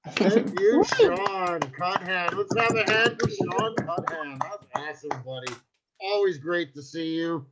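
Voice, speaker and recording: A man's voice: high-pitched, unhurried, over a noisy crowd. A man hosting a comedy show, thanking the act and chatting in friendly, rambling banter. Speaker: show host. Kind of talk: casual emcee chat. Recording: dull lo-fi online audio.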